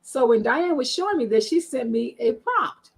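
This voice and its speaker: A woman's voice: high voice, lively intonation, normal speed, husky, poor audio. A woman guest on an online panel show, chatty and frank, telling her story with many fillers. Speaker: guest, marketing strategist.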